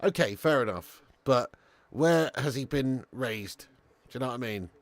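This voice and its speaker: A man's voice: medium pitch, animated, moderate pace, no room sound. A man, hosting a football watch-along live stream. He is sweary and full of banter, and he talks straight to his viewers. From Birmingham area, England.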